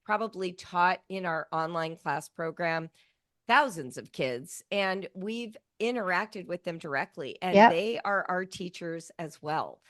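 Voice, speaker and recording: Woman in her fifties, fairly low voice, animated storyteller, acts out quotes, dry close sound. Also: measured pace, dry recording. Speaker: writing educator, guest. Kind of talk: conversational interview.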